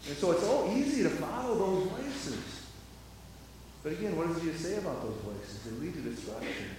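A man gives a sermon in a church, his voice ringing through a very reverberant room with the mic some distance away. He keeps stopping to repeat words and asks the congregation rhetorical questions. His voice sits a little high for a man, with a faint hum of room noise behind him. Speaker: pastor. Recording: very echoey hall, mic at a distance.

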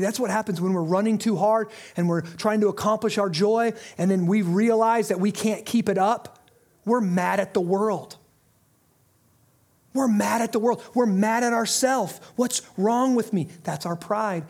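A man preaching with a strikingly high voice. He moves between fervent, raised appeals and hushed, earnest passages. He delivers a sermon as a pastor. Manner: impassioned preaching with sudden drops to quiet intensity.

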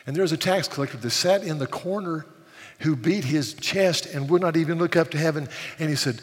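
A man's voice: on the high side, a little fast. An older man preaching a sermon, earnest, often repeating words as he builds emphasis. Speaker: pastor. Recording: long hall reverb.

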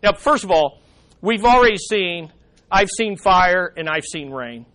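A man's voice: high-pitched, expressive, measured pace, sharp tone. A man teaching a Bible study lesson in a conversational way, with dry humorous asides and frequent restarts.

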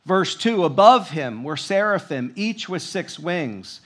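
Male preacher, high voice, slow and emphatic, reads scripture then comments. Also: sing-song, fairly bright tone. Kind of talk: sermon.

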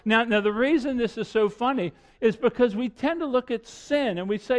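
A middle-aged man preaching a sermon, earnest, repeating himself and shifting suddenly between loud and hushed. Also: extremely high pitch, moderate pace, few pauses. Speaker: pastor.

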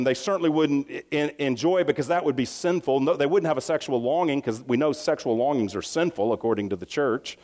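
Male pastor, conversational sermon delivery with restarts and asides, slightly high-pitched, echoing church hall. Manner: lively, conversational preaching with many restarts and asides. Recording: long hall reverb.

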